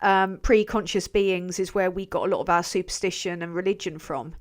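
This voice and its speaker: A woman's voice: lowish voice, fairly even intonation, moderate pace. A young English woman hosting a casual livestream, reading out chat messages, swearing freely and laughing often as she rambles. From England. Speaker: channel host reading live chat.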